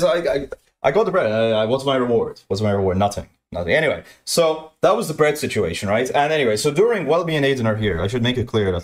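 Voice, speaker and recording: A young man telling a profane, aggrieved story in a rambling rant, full of repeats and quoted lines. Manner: aggrieved, profane, repetitive, fast-swinging pitch. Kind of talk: ranting anecdote.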